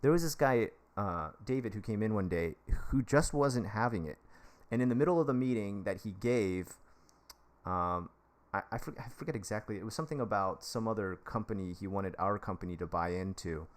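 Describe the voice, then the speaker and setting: A man in his thirties with a fairly low voice talks casually on a live stream. He gives relaxed, rambling advice. He keeps breaking off in excitement to thank viewers. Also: a little fast. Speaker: livestream host giving advice.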